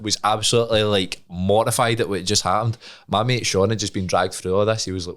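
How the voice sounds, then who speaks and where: A man's voice: fairly low pitch, a little fast. A young Scottish man, a podcast co-host, telling a story in casual chat and acting out the voices of the people in it. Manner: animated, laughing, acts out voices in his stories.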